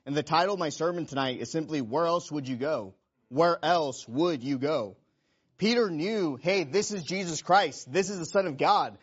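A man preaching a sermon, earnest and repeating rhetorical questions to the congregation. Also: a little high. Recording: dull lo-fi recording.

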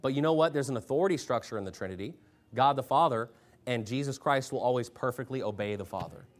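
A man preaching a sermon as pastor, forceful, rising loud when he reads scripture, and clearing his throat often. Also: mid-range voice, fast.

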